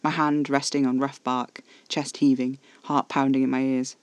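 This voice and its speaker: A man's voice: medium pitch, little pitch movement, normal speed, no echo. A man giving tense, intimate first-person narration of a horror audio drama.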